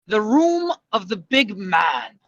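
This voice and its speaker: A courtly adventurer who speaks in grand, formal phrases, as a player puts him on. His tone is bright and forward. The sound is dry and close. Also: medium pitch, sing-song, slow pace, no room sound, lo-fi sound, exaggerated voice. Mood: solemn. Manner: grand, old-fashioned speech.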